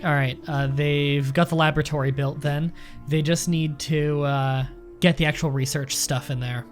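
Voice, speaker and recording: A man hosting a let's play, giving casual commentary in a slightly high voice. He chats and rambles as he thinks aloud, restarting sentences as he goes. Faint music plays behind him. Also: steady tone, moderate pace.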